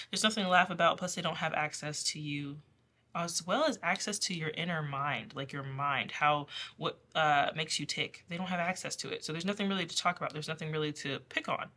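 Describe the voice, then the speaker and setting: Bright, chatty woman tarot reader. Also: low-pitched, a little fast. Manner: chatty, rambling, laughs often, many fillers. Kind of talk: casual pick-a-card reading.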